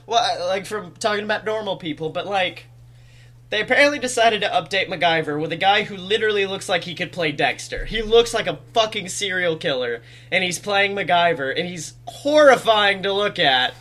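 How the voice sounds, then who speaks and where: Bright high-voiced man telling jokes. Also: brisk. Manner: animated, jokey storyteller who swears freely. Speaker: podcast co-host. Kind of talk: casual comedic chat.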